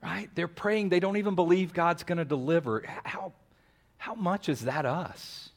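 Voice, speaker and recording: A man preaching a sermon, telling a Bible story with lively acted-out voices. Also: on the high side, moderate pace. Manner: animated storytelling with acted-out voices and whisper-yelling. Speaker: pastor.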